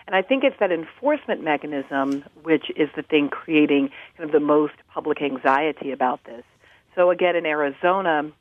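A woman's voice: sits low, no echo. A woman professor answering interview questions over the phone, thoughtful, with many ums and restarts. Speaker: professor and guest commentator. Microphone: telephone. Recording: tinny phone line.

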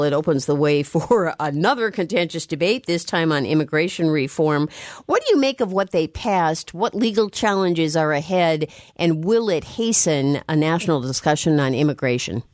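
A woman hosting a public radio call-in interview, measured and clear, reading out details slowly. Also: low-pitched, no room sound. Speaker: radio talk show host. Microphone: studio microphone.

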